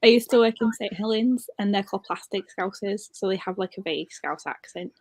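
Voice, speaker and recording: A woman's voice: mid-range voice, fairly quick, a little mellow. A woman from northern England chatting casually over a video call, telling wry stories. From northern England, near Wigan. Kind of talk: casual chat.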